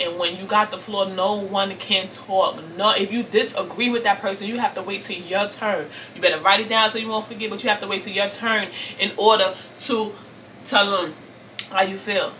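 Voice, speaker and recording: A woman's voice: mid-range voice, pushed and bright, far from the mic, slight background noise. A woman in her forties telling an emotional personal story to her viewers, earnest and repetitive, often calling them y'all. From Brooklyn, New York. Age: 40s. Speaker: vlogger.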